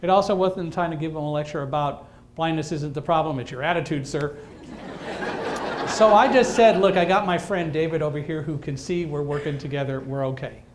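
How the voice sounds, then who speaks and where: A man giving a talk to an audience, telling a story in a lively way with dry humor and acting out the lines of people in it. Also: a little high, a little fast, a little hiss or hum. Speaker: guest speaker.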